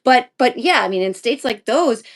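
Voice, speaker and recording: A woman co-hosting a casual political chat over a video call, animated and often tripping over her words. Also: fairly high pitch, normal speed.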